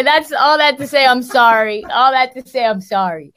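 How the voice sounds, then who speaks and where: A woman hosting a sports podcast, hoarse from laryngitis, telling stories in a chatty, self-deprecating way. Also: high-pitched, moderate pace, few pauses, a bit bright, a little hiss or hum. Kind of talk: casual sports talk.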